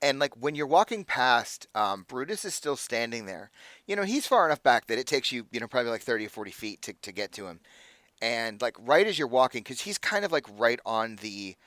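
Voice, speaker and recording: A man's voice: medium pitch, big pitch swings, a little fast, a bit bright, no echo. A man narrating a tabletop game as game master, rambling with lots of fillers.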